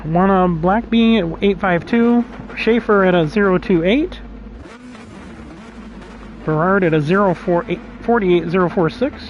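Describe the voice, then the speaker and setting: A man's voice: high-pitched, measured pace, long pauses, dull audio, slight background noise. A man casually commenting on his own sim race as a streamer, chatty and laughing often, reading out lap times. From United States.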